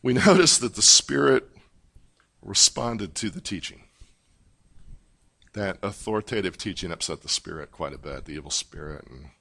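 A man delivering a sermon in a slow, deliberate cadence, his voice sitting on the low side. He teaches a Bible passage with measured emphasis, pausing to stress key points. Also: gravelly, pushed and bright. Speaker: pastor. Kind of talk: expository sermon.

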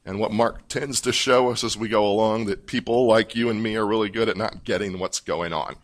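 A man preaching a sermon, teaching through a Bible passage in a measured, emphatic way. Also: fairly low pitch, fairly even intonation. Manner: measured, emphatic teaching delivery with pauses and restarts. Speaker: pastor. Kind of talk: expository sermon.

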